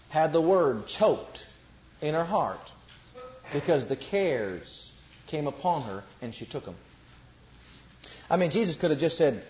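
A man's voice: sits high, reverberant. A male preacher giving a sermon, repeating phrases and putting questions to the congregation. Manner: repetitive, asks the congregation questions. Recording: slightly muffled lo-fi recording.

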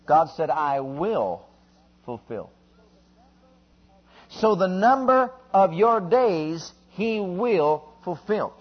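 A man's voice: high voice, very animated, drawn-out words, pauses often, breathy edge, dull audio. A man preaching a sermon, emphatic and repetitive, leading the congregation in call-and-response.

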